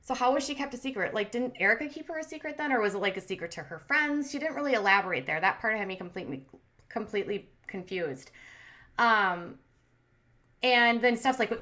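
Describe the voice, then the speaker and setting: A woman's voice: on the high side, animated, a little fast, bright, forceful tone. A woman hosting a commentary channel, recapping a reality show in a chatty, opinionated way with lots of "like" and "um". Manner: chatty, heavy use of "like" and "um"; opinionated, cheering and scolding the people she recaps.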